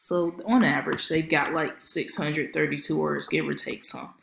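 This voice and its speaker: A woman's voice: low-pitched, steady tone, moderate pace, vocal fry, a bit bright, roomy sound, a little hiss or hum. A woman consultant giving a casual screen-share walkthrough of a website, chatty and friendly with lots of filler ums. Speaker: marketing consultant.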